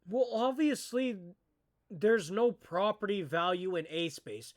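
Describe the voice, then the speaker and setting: A man giving casual reaction commentary as a streamer, excitable and ranting back at the screen. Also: high voice, slow pace.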